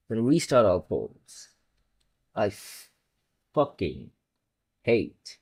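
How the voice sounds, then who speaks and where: Sarcastic, swearing streamer with a lively pitch. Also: slow pace, long pauses. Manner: frustrated, profane, sarcastic muttering. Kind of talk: casual livestream commentary while working on a computer.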